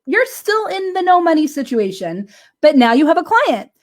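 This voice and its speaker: A woman business coach telling a client story in a casual motivational talk, animated and laughing often, checking in with "right?". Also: high voice, moderate pace.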